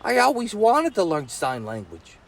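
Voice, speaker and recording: Man doing brash young boy, high-pitched, bossy, storybook voice. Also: moderate pace, gravelly, full character voice. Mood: excited. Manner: blunt, bossy, excitable.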